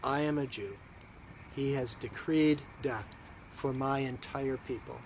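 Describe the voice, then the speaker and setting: Quiet, solemn queen, as a storyteller plays her; slow, measured. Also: a little hiss or hum, lightly acted. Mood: grave. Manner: low, grave, slow. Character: brave young queen, grave and quiet.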